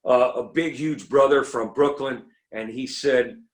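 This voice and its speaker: Animated middle-aged man telling jokey stories. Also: measured pace. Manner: animated storyteller, acts out quotes in a higher voice. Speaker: recovery meeting speaker. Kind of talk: comedic recovery talk.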